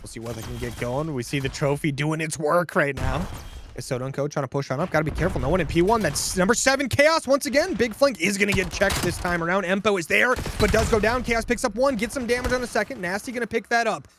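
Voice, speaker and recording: A man giving energetic, joking play-by-play as co-caster of a competitive shooter match. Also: sits high, quick pace, a little hiss or hum. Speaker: esports co-caster. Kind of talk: excitable play-by-play commentary.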